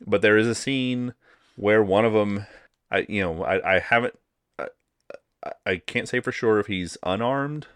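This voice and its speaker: A man with a very low voice retells a movie plot on a podcast. He rambles and fills pauses with "uh" and "like." The recording is dry and close. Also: fairly bright tone, smooth, no echo. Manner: rambling plot recaps with fillers. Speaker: podcast co-host. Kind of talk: casual movie review chat.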